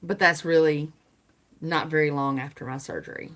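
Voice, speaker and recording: A woman's voice: sits low, fairly even intonation, moderate pace, a bit bright. A woman with a Southern US accent, chatting casually with viewers on her livestream and answering their comments. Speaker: livestream host.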